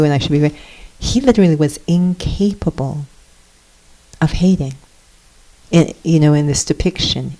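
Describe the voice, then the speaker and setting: A woman with a low, warm, mellow voice gives a reflective spiritual talk. She speaks softly and earnestly, often pausing with fillers as she searches for words. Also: rough recording. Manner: soft-spoken and earnest, with hesitant fillers. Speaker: guest speaker, meditation teacher.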